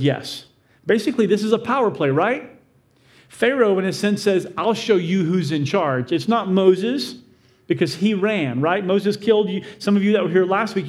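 A man's voice: a little high, a little mellow. A male pastor preaching a sermon, telling the story with animation and acting out the quoted voices.

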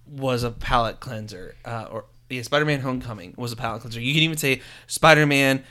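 A man co-hosting a casual film discussion, animated and fond of retelling scenes in quoted voices. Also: mid-range voice, brisk. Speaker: podcast co-host.

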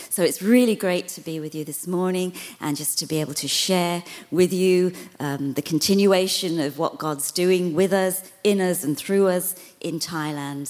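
A woman with a British accent greeting a church, gentle and encouraging. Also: low-pitched. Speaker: guest minister.

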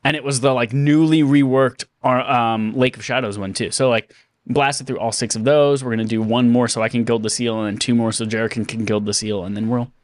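A man's voice: medium pitch, steady tone, a little fast, no room sound. A man co-hosting a podcast, chatting casually and laughing often. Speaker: podcast co-host. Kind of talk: casual chat.

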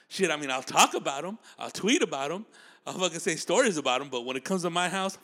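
A man's voice: high-pitched, animated, fast, fairly bright tone. Crude, mocking man on a comic rant. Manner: crude, mocking, laughs at his own jokes. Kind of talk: profane comedic rant.

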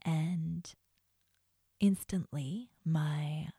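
A woman hosts her podcast in a low, mellow whisper that is airy and breathy throughout. The sound is dry and close, with faint music underneath. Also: steady tone, drawn-out words, dry recording. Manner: soft, intimate, mostly whispered. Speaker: podcast host. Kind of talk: whispered personal reflection.

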